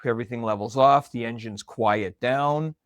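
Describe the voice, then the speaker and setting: A man's voice: mid-range voice, moderate pace, no room sound. A man, probably middle-aged, telling a personal story in a conversational, reflective way. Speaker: marketing coordinator.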